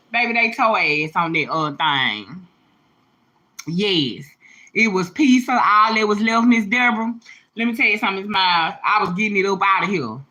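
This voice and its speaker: A woman hosting a casual livestream, talking straight to her viewers. Her bright, forceful voice is emphatic and slangy. She sounds a little teary as she speaks from the heart. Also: medium pitch. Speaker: livestream host, mother.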